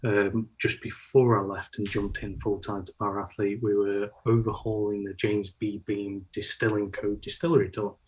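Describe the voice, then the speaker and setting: A man speaks as a podcast guest in a husky, somewhat low voice. He keeps a flat, level tone and talks haltingly, with frequent ums and likes. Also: low-quality recording. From United Kingdom. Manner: halting, with many fillers. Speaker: podcast guest, brand manager. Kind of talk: casual podcast conversation.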